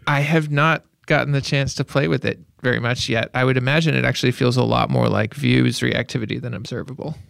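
A man's voice: medium pitch, fairly even intonation, fairly quick, creaky, few pauses, a bit bright, clean tone, no room sound, clean studio sound. A man on a podcast panel, talking through tech topics in a thoughtful, casual way, often hedging with "like".

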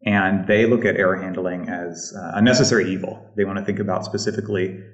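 A man's voice: low-pitched, steady tone, quick pace. A man speaking as a podcast panel guest, hesitant and full of fillers. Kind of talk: casual panel chat. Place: home room. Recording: distant, roomy, dull remote audio.

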